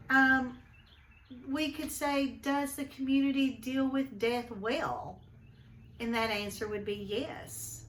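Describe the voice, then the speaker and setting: A woman's voice: on the high side, fairly bright tone, roomy sound, slight background noise. A woman teacher, recording a lesson at home, talking thoughtfully with many ums. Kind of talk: recorded class lesson, reading and discussion.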